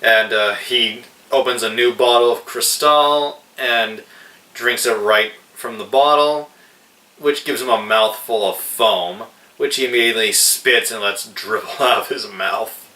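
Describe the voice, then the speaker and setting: A man reviewing a film in a casual, hesitant way, pausing often with fillers. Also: mid-range voice, pushed and bright. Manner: slow, hesitant, with many fillers. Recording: roomy echo, distant mic.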